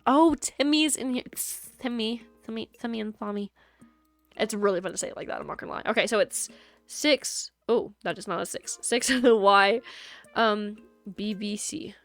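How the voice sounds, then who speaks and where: A woman's voice: medium pitch, normal speed. Giggly woman rambling while she games, usb mic at home, faint music behind. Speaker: streamer. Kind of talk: casual gameplay chat. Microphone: USB microphone.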